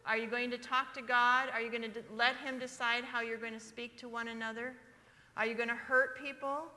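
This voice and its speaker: A woman's voice: fairly high pitch, little pitch movement, a little fast, sharp tone. A woman in her sixties preaching a sermon, emphatic and asking the congregation questions. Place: church sanctuary. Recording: reverberant church livestream.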